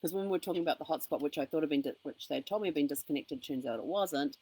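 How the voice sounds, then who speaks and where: A woman's voice: low voice, very fast, background noise. A woman vlogging from a campground, telling a long story about a phone call and acting out both sides of the conversation. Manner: animated retelling with quoted dialogue. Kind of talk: casual storytelling vlog.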